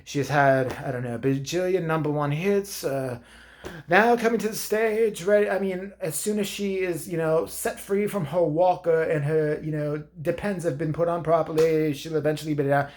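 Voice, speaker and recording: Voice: mid-range voice, normal speed, darkish tone, a little hiss or hum, natural voice. A comedian voicing a stiff, matter-of-fact male European TV host making dry announcements. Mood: deadpan.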